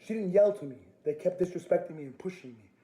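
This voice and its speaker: A man with a fairly high voice rants at a store over the phone, aggressive and profane, repeating himself again and again. The recording sounds roomy and echoey. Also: expressive, fast, mellow. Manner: aggressive, repeats demands, swears. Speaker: customer complaining to a store. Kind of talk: heated phone argument.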